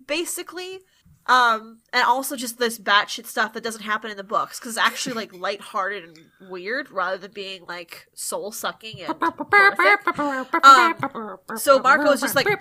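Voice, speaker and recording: A woman's voice: fairly high pitch, bright, forceful tone. A woman hosting a podcast, casually recapping TV episodes in a chatty, laughing way and swearing freely. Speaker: podcast host.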